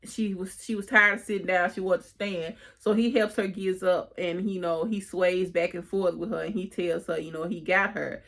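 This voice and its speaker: A woman's voice: on the low side, fairly even intonation, normal speed, creaky, hardly any pauses, a bit bright. A woman casually recapping and reviewing a TV episode, retelling the scenes by quoting the characters, with chatty fillers and restarts.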